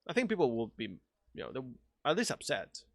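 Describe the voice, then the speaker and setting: A man with a non-native English accent streaming a video game, chatting excitably, laughing and swearing often. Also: mid-range voice, fast talker, dry recording, clean studio sound. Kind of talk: casual live-stream chat.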